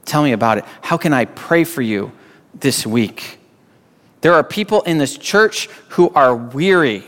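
Male pastor preaching in a church, acting out dialogue as he tells a story, with a slightly high voice and long reverb. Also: sing-song, a little slow, fairly bright tone. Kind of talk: sermon.

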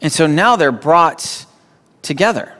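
Male pastor preaching in a church, acting out dialogue as he tells a story, with a slightly high voice and long reverb. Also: expressive, a little slow, fairly bright tone. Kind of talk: sermon.

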